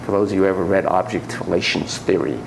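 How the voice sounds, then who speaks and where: A man's voice: low voice, fairly even intonation, fast, gravelly, background noise. A man giving a classroom lecture on child therapy, acting out quotes in shifting voices.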